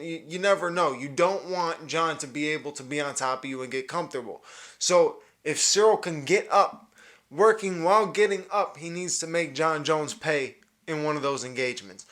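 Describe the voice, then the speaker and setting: A man's voice: fairly high pitch, a bit bright. A man, a young adult, hosting a solo podcast and breaking down an upcoming fight, enthusiastic and full of repeated words and restarts. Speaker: podcast host.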